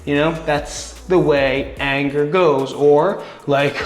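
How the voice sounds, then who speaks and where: A man's voice: fairly high pitch, fairly even intonation, slow, hardly any pauses. A young man hosting his own video, talking straight to the viewer in a candid, earnest and encouraging way. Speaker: video host. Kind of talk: casual direct-to-camera talk. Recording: echoey room.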